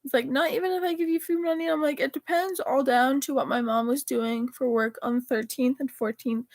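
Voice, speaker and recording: This teenage vlogger's voice is on the high side, bright and forceful as she casually chats through old text messages, reading them aloud, wandering off track and correcting herself. No room sound is present.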